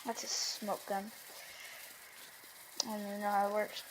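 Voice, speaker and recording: A woman giving casual commentary on her own gameplay, talking to herself and bursting into excited yelling. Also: medium pitch, normal speed, background noise. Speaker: gameplay streamer.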